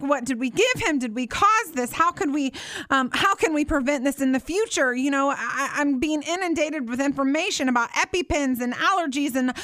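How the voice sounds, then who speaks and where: A woman in her thirties telling a personal faith story, earnest and heartfelt, slowing down to stress her words. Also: high voice, sharp tone, dry recording, studio quality. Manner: earnest, heartfelt, slows down for emphasis.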